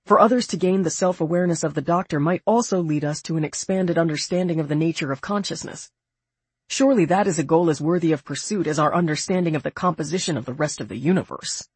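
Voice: mid-range voice, quick pace, darkish tone, slightly rough, no room sound, close to an everyday voice. A narrator voicing a young male former Borg who speaks in precise, formal sentences. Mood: earnest.

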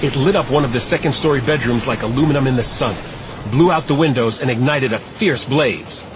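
A man narrating an audiobook in a steady, measured storytelling voice. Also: mid-range voice, background noise. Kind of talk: scripted narration.

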